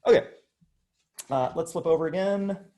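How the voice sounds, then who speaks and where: A man's voice: fairly high pitch, moderate pace, warm tone. A man teaching a casual online physics lesson, chatty and demonstrating with his body as he explains. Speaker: high school physics teacher.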